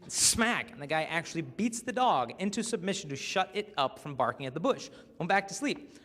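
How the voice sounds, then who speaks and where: A lively young man speaks to a crowd, slipping into comic voices as he tells his stories. His voice sits a little high for a man and rings with long reverb from a big hall. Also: a little fast. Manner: animated, acts out voices for comic effect. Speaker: youth speaker. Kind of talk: humorous inspirational talk. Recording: echoey hall.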